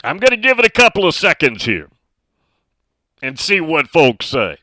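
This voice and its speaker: A man's voice: a little high, huge pitch swings, moderate pace, sharp tone, no room sound, poor audio. A man hosting a casual sports talk radio show from a studio, chatting and reading out listener messages.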